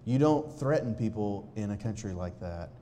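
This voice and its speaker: A man telling a personal testimony to a live audience in an earnest, halting way, often restarting his sentences. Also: on the low side, expressive, warm tone, slight background noise. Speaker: speaker sharing a personal testimony.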